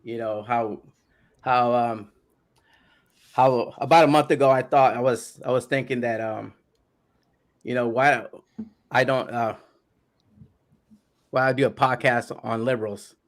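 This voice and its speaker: A man hosting a casual podcast, talking hesitantly with many pauses and fillers. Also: medium pitch, steady tone. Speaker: podcast host.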